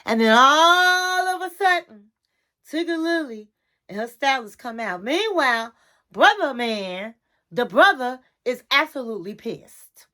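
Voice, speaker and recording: A woman's voice: high voice, animated, unhurried, sharp tone. A woman hosting a casual reality TV recap, chatty and sassy, talking straight to the listener.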